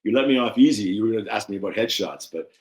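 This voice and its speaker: Animated former referee telling stories. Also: male voice, very fast. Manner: animated storyteller, acts out quotes with raised pitch. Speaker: former referee, rules analyst guest. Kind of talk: casual interview storytelling.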